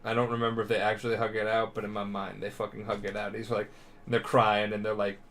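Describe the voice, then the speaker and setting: A man's voice: on the low side, fast. Drunk young guy rambling. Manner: rambling, profane, animated. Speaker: podcast co-host. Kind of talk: drunk, rambling retelling of a show.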